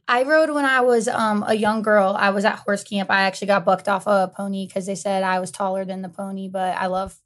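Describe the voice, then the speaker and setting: A woman's voice: mid-range voice, steady tone, fairly quick, hardly any pauses, fairly bright tone. A woman plays an awkward dinner date in an improvised comedy scene. She rambles and stammers through her lines. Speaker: improv performer playing a date.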